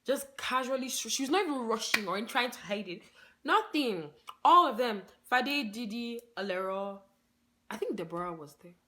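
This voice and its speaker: A woman telling a story on her vlog in a casual, excitable way, laughing along and saying "like" in nearly every phrase. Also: fairly high pitch, moderate pace. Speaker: vlogger.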